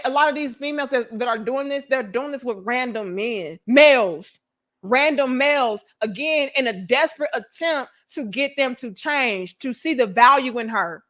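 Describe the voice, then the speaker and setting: A woman with a high voice delivers a relationship-advice monologue. She is blunt and emphatic, talking to her audience like a frank big sister and swearing freely. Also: normal speed, a bit bright.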